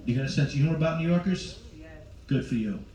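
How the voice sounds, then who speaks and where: The comedian, a man in his forties, talks fast with lively intonation in a warm voice that sits on the high side. Performing stand-up on a cruise ship, he brashly teases and addresses the crowd, heard in poor audio from a far-off mic in a reverberant room.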